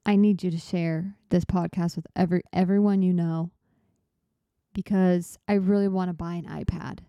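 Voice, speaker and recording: Chill, breathy-sounding young woman podcaster. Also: on the low side, fairly even intonation, normal speed, mellow, dry recording, highs cut off. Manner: chatty, self-deprecating, rambling. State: slightly out of breath. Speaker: podcast host. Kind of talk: laid-back solo podcast chat.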